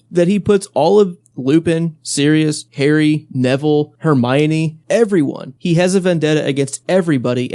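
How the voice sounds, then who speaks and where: A man's voice: on the high side, a little mellow, no room sound, studio quality. A man co-hosting a podcast, ranting bluntly in casual chat and laughing between points. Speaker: podcast co-host.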